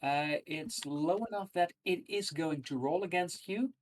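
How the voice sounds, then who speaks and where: Slow-talking gm narrating a tabletop game, lots of uhs, mid pitched voice. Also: a little hiss or hum. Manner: hesitant, many fillers. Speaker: game master.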